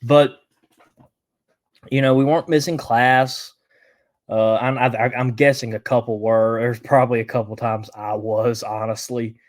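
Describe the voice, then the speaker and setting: A man's voice: mid-range voice, a little mellow. Guy in his 20s doing a solo podcast, stuffy with allergies, lots of restarts and ums. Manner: halting, many restarts and fillers. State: congested from allergies. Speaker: podcast host. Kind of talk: casual solo podcast commentary.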